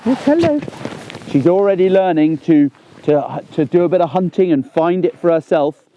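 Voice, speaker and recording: A man, talking through a gun dog training session outdoors on a lawn, chatty and animated. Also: a little high, normal speed, muffled recording. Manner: chatty and animated, bursts into excited exclamations.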